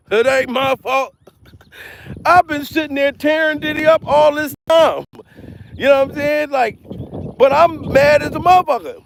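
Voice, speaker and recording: A man doing a loud, profane comedic commentary vlog, repeating himself and laughing between rants. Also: very high-pitched, a little slow, creaky, a little hiss or hum. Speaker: comedian vlogger. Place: outdoors.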